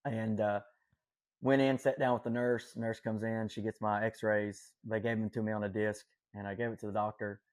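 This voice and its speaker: A man's voice: fairly low pitch, level tone, moderate pace. A man telling a personal story as a podcast guest, earnest and rambling, with many fillers and self-corrections. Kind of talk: casual storytelling.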